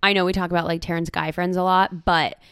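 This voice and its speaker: A woman co-hosting a casual podcast chat, bubbly and quick to laugh, with self-deprecating asides. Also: fairly low pitch, little pitch movement, fairly bright tone, clear, resonant tone, no echo, studio quality. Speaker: podcast co-host.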